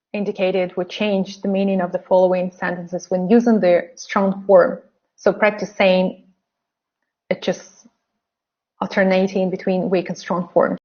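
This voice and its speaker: A woman teaching English pronunciation in an online webinar, drilling phrases slowly by repeating them. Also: mid-range voice, darkish tone, highs cut off. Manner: slow, drilling phrases by repetition.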